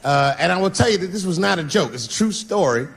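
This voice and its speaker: On a comedy club stage, a profane male stand-up comedian performs a lively set, telling animated stories with acted-out voices. His gravelly voice sits high and moves at a quick pace, while audience laughter fills the background.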